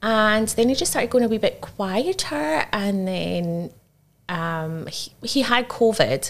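A woman's voice: mid-range voice, slow. A woman, a dating coach guest, telling her story in casual chat and acting out the dialogue she recounts.

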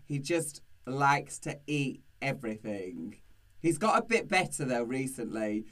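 A man's voice: mid-range voice, very animated, measured pace, fairly bright tone. A man co-hosting a podcast, talking in a camp, playful, theatrical way. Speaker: podcast co-host. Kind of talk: casual chat.

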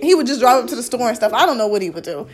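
Young woman host, high voice, rapid-fire casual storytelling, lively and profane. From Ohio, USA. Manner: animated storytelling, swearing, laughing often. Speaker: podcast host. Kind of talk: casual family chat.

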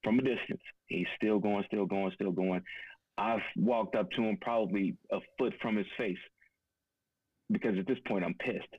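A man's voice: on the low side, steady tone, moderate pace, husky, no room sound, highs cut off. A man co-hosting a podcast, talking in a blunt, profane, casual way and telling a personal story. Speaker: podcast co-host. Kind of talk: casual conversation.

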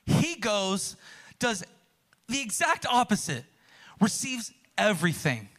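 Male pastor, sermon, high voice, bright forceful tone, casual animated delivery. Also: slow, long pauses. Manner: conversational, animated preaching.

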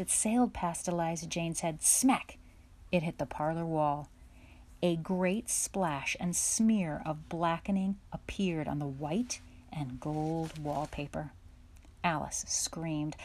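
A woman narrating a children's storybook chapter aloud in a steady, measured way. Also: low voice. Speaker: audiobook narrator. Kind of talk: storybook reading.

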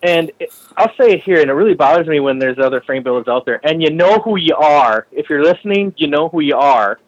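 A man's voice: fairly high pitch, animated, fairly quick, lo-fi sound. A custom bicycle frame builder, a man telling stories in a casual podcast interview, swearing freely and ranting heatedly.

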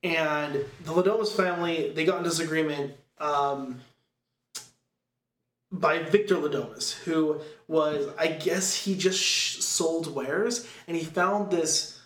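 A man with a slightly high voice chats through a film's story in a loose, rambling way, full of fillers and quick quoted bits. The sound is roomy and echoey. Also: steady tone, fairly bright tone. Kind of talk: casual chat recapping a film. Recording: echoey room.

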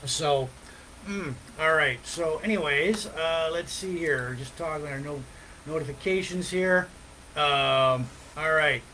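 A man with a rather high voice hosts a casual live stream. He rambles from topic to topic, filling the gaps with ums, pauses and "all right, so". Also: bright, forceful tone, slight background noise, low-quality recording. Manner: rambling, many fillers and pauses. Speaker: podcast host.

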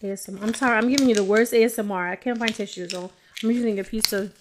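A woman's voice: mid-range voice, fairly even intonation, rapid-fire, background noise. A woman with a mid-range voice hosts a podcast and tells her own testimony of faith. She speaks emotionally and rambles, turning often to her listeners, and at times she drops to a near whisper. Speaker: podcast host. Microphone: audio-only home recording.

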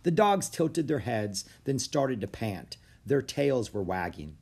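A man narrating a children's storybook aloud, expressive and animated. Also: medium pitch, slow, creaky, breathy edge.

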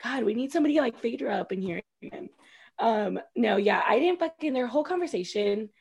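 A woman's voice: on the high side, expressive, a little fast, creaky, darkish tone, slightly rough, highs cut off. A young woman co-hosting a casual recap chat, blunt and profane, talking with lots of energy. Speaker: podcast co-host.

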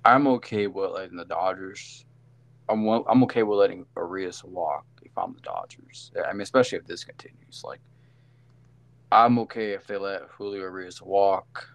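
A man's voice: deep voice, moderate pace, vocal fry. A man co-hosting a casual sports podcast, rambling through game recaps with lots of fillers and self-corrections. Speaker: podcast co-host.

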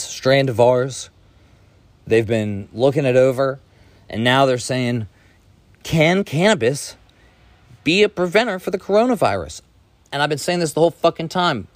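A man in his thirties rants into the mic on his podcast, swearing freely as he pushes listeners to get up and act. His voice sits at an ordinary middle pitch. The sound is dry and close, with no room behind it. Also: no echo. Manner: profane, blunt, fired-up preaching. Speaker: podcast host. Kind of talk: casual motivational rant.

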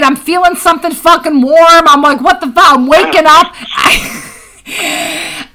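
High bright woman podcast cohost, laughs a ton, swears, animated storytelling. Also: low-quality recording. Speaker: podcast co-host. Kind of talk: casual chat.

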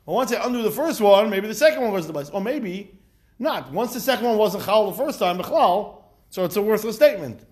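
A man teaching a lively study class, explaining step by step with rhetorical questions and acted-out quotes. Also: sits high, a little fast. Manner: animated, asks rhetorical questions, acts out quotes. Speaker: Talmud teacher.

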